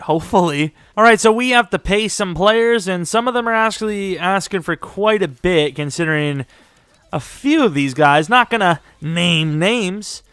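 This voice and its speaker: A man's voice: on the high side, fairly bright tone, clean tone, no room sound, clean studio sound. A young man giving casual, joking commentary while playing a football management game. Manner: chatty, joking, quick reactions. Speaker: gaming commentator.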